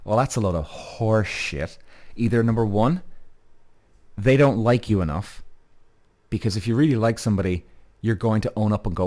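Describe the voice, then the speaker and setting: A man hosts his podcast alone, speaking in a blunt, emphatic monologue. He swears freely and keeps asking "right?" as he goes. He slips into quick mock voices to act out what other people say. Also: mid-range voice, expressive, mellow. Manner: repeatedly asks "right?" as a tag. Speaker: podcast host. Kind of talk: candid monologue with frequent swearing.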